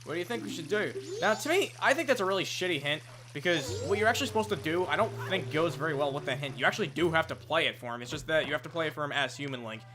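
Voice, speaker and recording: Rapid-fire and animated, this young man's fairly high voice carries his let's play commentary as he reads the game's dialogue aloud. He rambles wryly, dropping in the odd curse and side remark.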